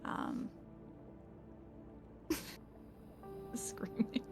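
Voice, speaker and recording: A woman's voice: drawn-out words, music in the background. A woman playing a tabletop game, describing her character hesitantly, with lots of "like" and "um" and frequent giggles. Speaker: player.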